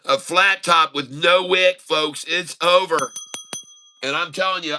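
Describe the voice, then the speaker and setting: A man giving excited running commentary on his live day trades, calling out prices and talking to viewers as folks. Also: a little high, a little slow, slight background noise. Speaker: day-trading streamer.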